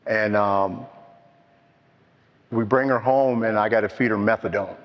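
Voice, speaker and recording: Slow, heartfelt older man in an echoey hall. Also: fairly low pitch, fairly even intonation. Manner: slow, halting, heartfelt storytelling. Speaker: recovery meeting speaker. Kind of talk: personal testimony. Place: meeting hall. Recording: dull, with long hall echo.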